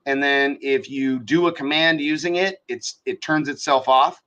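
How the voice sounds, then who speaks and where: A man hosting a casual live-stream tutorial, talking through design software as he works, swearing freely and thinking out loud. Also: medium pitch, steady tone, moderate pace, dull audio. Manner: profane, thinks aloud while working. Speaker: show host teaching design software.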